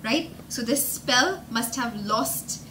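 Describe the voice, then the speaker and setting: A woman's voice: on the high side, slow, background noise. A woman from India reading a story aloud as an English teacher, acting out the sounds and explaining words with synonyms. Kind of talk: animated storytelling lesson.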